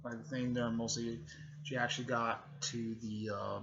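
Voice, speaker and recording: A man giving a casual, rambling recap full of fillers, often clearing his throat. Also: medium pitch, level tone, normal speed, lo-fi sound, background noise. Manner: filler-heavy, repeats "technically" and "and stuff like that", clears throat often. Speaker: video creator recapping a fan series.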